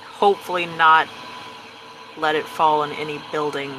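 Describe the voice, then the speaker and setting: Man, tabletop game player, high voice, bright tone, dramatic, exasperated. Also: steady tone, normal speed, slight background noise, rough recording. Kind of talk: in-character role-play chat.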